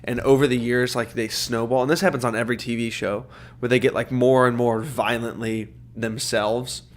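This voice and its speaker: A man's voice: mid-range voice, steady tone, moderate pace. A young man co-hosting a podcast in casual chat, rambling and thinking aloud with lots of fillers. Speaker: podcast co-host.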